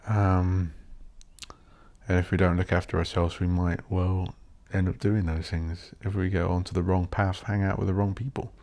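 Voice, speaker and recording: A man hosting a solo podcast, rambling bluntly and swearing while he thinks out loud. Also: low voice, flat delivery, moderate pace. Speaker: podcast host.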